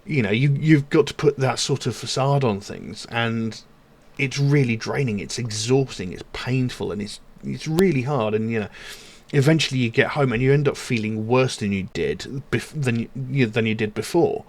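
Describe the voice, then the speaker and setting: A man's voice: medium pitch, moderate pace. A man hosting a music reaction channel, talking through song lyrics in an earnest, rambling way with lots of fillers. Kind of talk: casual commentary on song lyrics.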